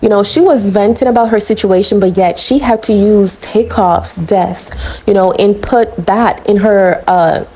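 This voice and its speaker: A woman's voice: mid-range voice, a little slow, mellow, slightly rough, poor audio. A woman vlogging celebrity gossip in a casual, blunt and sassy way, calling out people and addressing viewers as honey. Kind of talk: casual opinionated commentary.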